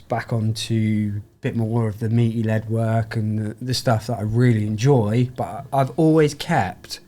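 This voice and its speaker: A middle-aged man talks through his story as a podcast guest, chatty and easy-going. He keeps slipping into little acted bits of dialogue, and his voice sits at an ordinary mid pitch. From United Kingdom. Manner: chatty, acts out quoted dialogue with lively voice shifts. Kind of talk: casual storytelling interview.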